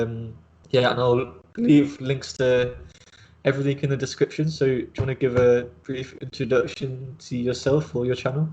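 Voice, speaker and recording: A man's voice: medium pitch, darkish tone, dull audio. A man hosting a casual video chat interview, rambling with many fillers and restarts. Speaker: host.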